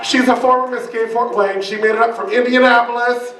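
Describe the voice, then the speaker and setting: A man performing as a drag queen in a live roast, delivering bawdy insults with shouted punchlines. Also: very high-pitched, steady tone, fairly quick, slight background noise. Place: bar function room with live audience. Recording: echoey room, mic from a distance, loud crowd.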